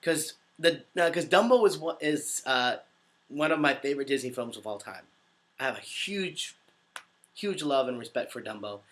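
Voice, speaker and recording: A man in his twenties chatting casually on a livestream, answering viewer comments in an upbeat, easily excited way. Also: mid-range voice, moderate pace. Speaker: voice actor hosting a livestream.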